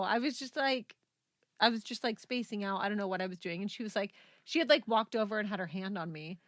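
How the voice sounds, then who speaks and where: A woman's voice: mid-range voice, quick pace, fairly bright tone, dry recording, studio quality. A woman in her thirties telling stories in casual podcast chat, rambling with lots of fillers and laughs. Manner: rambling storyteller, laughs a lot, many fillers. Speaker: podcast co-host.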